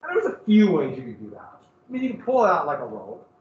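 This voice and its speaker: Male teacher, classroom lecture, lively and questioning, higher voice, roomy room sound. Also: quick pace. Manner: animated storytelling, asks the class questions. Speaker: history teacher. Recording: roomy, distant, dull classroom recording.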